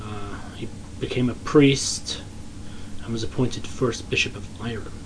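A man's voice: medium pitch, fairly even intonation, unhurried, background noise. A man co-hosting a podcast, trading dry, teasing banter in a casual chat. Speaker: podcast co-host.

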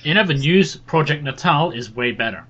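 Husky man teasing his co-hosts. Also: on the high side, animated, normal speed, a bit bright. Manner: teasing, keeps interrupting with jokes. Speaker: podcast co-host. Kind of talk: casual podcast banter. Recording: dull lo-fi podcast audio.

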